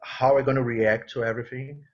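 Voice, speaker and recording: Man, warm earnest guest, lo-fi remote audio. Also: mid-range voice, quick pace. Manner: earnest, expressive, non-native phrasing. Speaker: guitarist guest. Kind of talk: casual interview chat.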